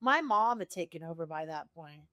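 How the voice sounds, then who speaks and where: A woman's voice: on the low side, moderate pace, no echo, dull audio. A woman guest on a podcast telling her personal story with feeling, acting out the voices she quotes. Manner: earnest, animated, acts out quoted voices.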